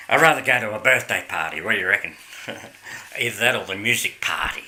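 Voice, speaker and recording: A man's voice: fairly low pitch, animated, moderate pace, sharp tone, a little hiss or hum. An Australian man vlogging in a casual, rambling way, chuckling often and losing his thread. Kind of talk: casual chat to camera.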